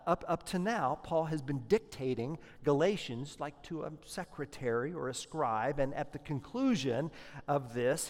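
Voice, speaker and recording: A man's voice: medium pitch, in a large hall. A man preaching a sermon, emphatic and rhetorical, with punchy repeated lines.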